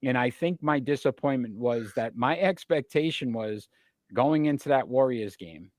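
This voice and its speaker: A man's voice: medium pitch, lively intonation, moderate pace, a little mellow, no echo. A man hosting a sports talk show, asking long winding questions full of statistics. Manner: asks long, winding questions packed with stats.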